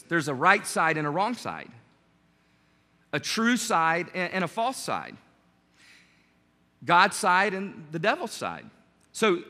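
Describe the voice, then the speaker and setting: A man preaching a sermon as pastor, animated and conversational, joking with his congregation. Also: sits high, long reverb tail.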